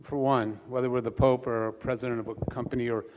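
A man preaching as pastor, a relaxed conversational storyteller. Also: medium pitch, fairly quick, muffled recording, noisy background. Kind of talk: sermon with a joke. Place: church sanctuary. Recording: long church reverb.

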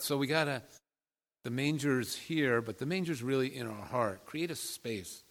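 A man's voice: medium pitch, normal speed. A man preaching a conversational sermon as pastor, often asking the congregation direct questions. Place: church sanctuary. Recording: long reverb of a large hall.

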